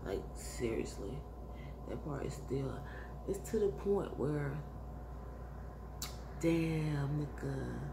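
A woman vlogger rambling in a casual monologue, musing and swearing, sighing often and sometimes dropping into soft whispers. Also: extremely low pitch, creaky. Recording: echoey room with background noise.

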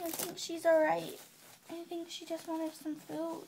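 Woman, high voice, slow, soothing, hushing, casual phone vlog. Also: completely flat delivery, vocal fry, a little hiss or hum. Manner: soothing, hushing, often soft and whispery. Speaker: vlogger caring for a baby. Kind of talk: casual vlog, talking to a baby and viewers. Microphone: handheld phone.

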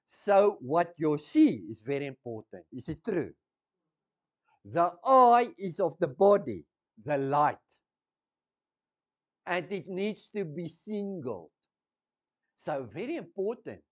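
A man preaching a sermon, teaching slowly, repeating key words and asking the congregation questions. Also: high voice, sing-song.

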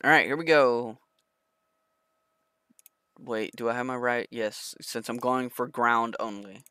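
A young man streaming a flight combat game, talking to his viewers in an excitable, rambling way. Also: medium pitch, measured pace, clean tone, no echo, clean studio sound. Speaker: gaming streamer. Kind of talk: live gameplay commentary.

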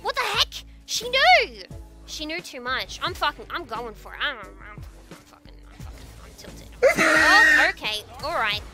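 A woman streaming a game talks in a very high, bright voice, full of giggles and sudden outbursts. She narrates her own play, pleads with her teammates and laughs at her own mistakes, while game music plays clearly underneath. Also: sing-song, measured pace. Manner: self-mocking, frequent laughter. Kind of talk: live gameplay commentary.

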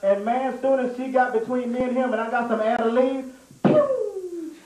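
Man, high voice, storytelling preacher, roomy church sound, a bit distant from the mic. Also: a little fast. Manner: animated, laughing through a comic story. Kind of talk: storytelling sermon. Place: church sanctuary.

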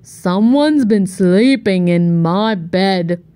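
Gruff growling papa bear as a woman puts him on, storybook voice, slow and dry. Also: mid-range voice, expressive, dark tone, no room sound, voice pushed down.

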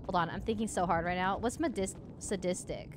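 A woman's voice: fairly low pitch, brisk, a little hiss or hum. A woman streamer in a comic role-play phone call who teases and reacts in a giggly, exaggerated way.

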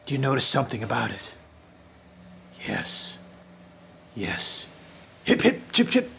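A man's voice: very animated, fast, vocal fry, a bit bright, slight background noise. A man doing a giddy fake-South-African tycoon. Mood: scheming. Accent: put-on South African. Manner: scheming and giddy, bursting into high squealing laughs. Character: mischievous billionaire rocket-obsessed male tycoon. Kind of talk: comedy sketch impression.

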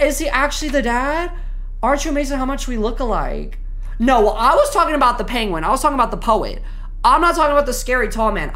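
A woman's voice: high-pitched, a bit bright. A woman streamer commenting on gameplay live, reacting to chat with slang and swearing.

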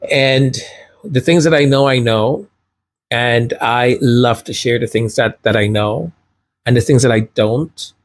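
A man's voice: medium pitch, measured pace. Chatty man hosting a podcast. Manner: chatty, laughs easily, repeats words. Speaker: podcast host reading viewer comments. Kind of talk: casual livestream chat.

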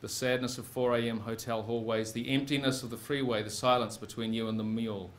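A man's voice: medium pitch, steady tone, brisk. Wry New man telling a story. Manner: wry, punchy delivery in second person. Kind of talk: live spoken-word storytelling. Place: live stage.

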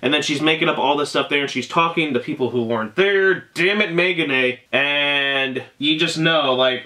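A man's voice: a little high, brisk, few pauses, sharp tone. A young man reviewing an anime in a casual, emotional, rambling way, full of fillers and exclamations.

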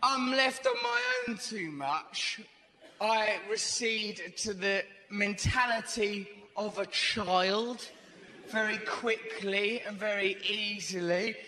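High-voiced man doing stand-up. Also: slow pace. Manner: animated, rambling storytelling with frequent "right?" asides. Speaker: stand-up comedian. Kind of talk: live stand-up comedy. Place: theatre stage before a live audience. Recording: echoey live hall, audience noise.

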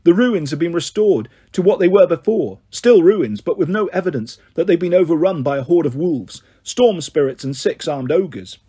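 A male reader narrating a fantasy novel aloud. His voice is husky and sits high for a man, with a steady, expressive delivery. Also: normal speed, few pauses. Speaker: audiobook reader. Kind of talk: storybook narration.

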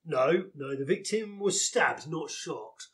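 A man doing a blustering, high-voiced bumbling inspector. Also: animated, slow. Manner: blustering, stammering, chuckling at himself. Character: pompous, bumbling male police inspector. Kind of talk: live comedy sketch reading.

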